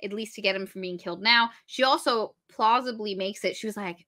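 Woman podcaster gushing over a book plot, bright voice, does the characters' lines, swears a bit. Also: mid-range voice, a little fast. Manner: animated retelling, acts out characters' lines; swears freely. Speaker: podcast co-host. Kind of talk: casual book review chat.

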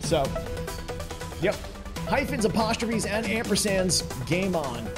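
High-voiced upbeat trivia host. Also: male voice, animated, slow, over music. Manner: upbeat, chatty, addresses the chat directly. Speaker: game show host. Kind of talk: live-streamed trivia game hosting.

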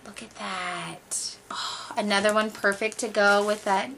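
A young woman vlogger gushing quickly through a craft-supply unboxing, giddy and talkative after extra coffee. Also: mid-range voice, fairly even intonation, fairly bright tone, slight background noise. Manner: gushing, fast, over-caffeinated. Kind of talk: excited unboxing chat.

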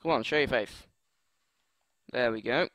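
A man's voice: medium pitch, a little slow, a bit bright, no room sound. A young man commentating live on his gameplay, joking, muttering and getting exasperated at opponents. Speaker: gaming commentator.

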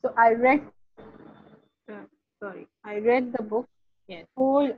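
A woman teaching an online Arabic grammar class, explaining patiently with many pauses. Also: fairly high pitch, breathy edge. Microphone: video call. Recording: dull lo-fi online call audio.

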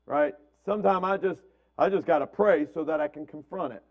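A man's voice: on the high side, a little fast, lo-fi sound. A man preaching a conversational sermon as pastor, repeating words and checking in with "right?". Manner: asks "right?" constantly, repeats words, acts out family quotes.

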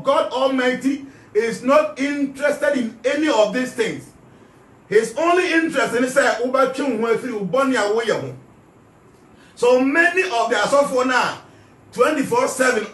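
A man's voice: extremely high pitch, a bit bright, echoey room, recorded from a distance. A man with a Ghanaian accent giving an emphatic spiritual talk, repeating his key phrases. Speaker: spiritual teacher.

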